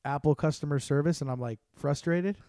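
A man's voice: fairly high pitch, a little fast, warm tone, dry recording, studio quality. A man co-hosting a podcast, joking around and rambling with lots of restarts. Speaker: podcast co-host. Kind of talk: casual podcast chat.

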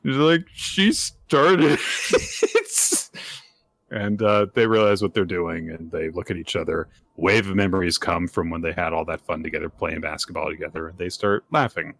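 A man co-hosting a casual podcast, retelling a chapter in a chatty way with lots of fillers and pitch jumps for quoted lines. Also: fairly even intonation, a little fast, gravelly, hardly any pauses, a bit bright. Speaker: podcast co-host. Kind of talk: casual chat recapping manga chapters.

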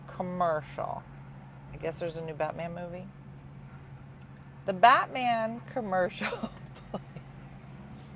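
A woman hosting a casual chat, telling a story in an animated way and acting out the voices of the people she quotes. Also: mid-range voice, slight background noise.

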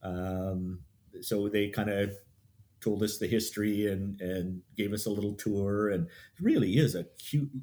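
A man from Canada telling a hiking trip story in a relaxed, chatty way. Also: fairly low pitch, unhurried. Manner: chatty, quotes people in stories. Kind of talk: casual storytelling.

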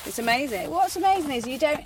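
A woman, a presenter, chatting in a bubbly, lively way outdoors. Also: high voice, fast talker. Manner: chatty, bubbly, laughs often. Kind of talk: casual outdoor chat. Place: outdoors at a stable. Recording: noisy outdoor recording.

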